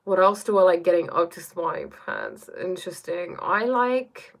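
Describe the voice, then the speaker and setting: A woman hosts a relaxed live stream from her bedroom, talking in a somewhat low voice. She muses reflectively as she reads chat, often checking in with "right?" and "you know?". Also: moderate pace. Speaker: livestream host reading chat.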